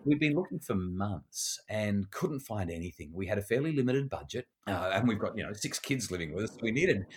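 A man's voice: on the low side, expressive, fairly quick, hardly any pauses. A middle-aged man with an Australian accent, a parenting educator telling stories conversationally. He acts out the voices he quotes and often repeats words as he starts a sentence. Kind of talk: conversational storytelling.

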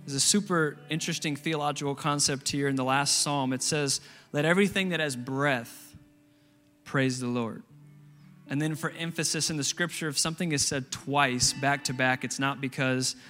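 A man's voice: mid-range voice, fairly even intonation, normal speed, sharp tone, faint music behind. A man pastor preaching a sermon, emphatic and repeating key phrases for stress.

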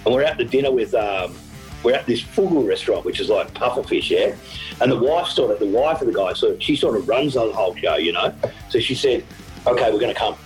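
A man's voice: medium pitch, a little fast, soft background music, poor audio. Laughing Australian man telling race stories. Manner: animated storyteller, laughs often, acts out quotes. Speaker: event organizer. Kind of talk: storytelling interview.

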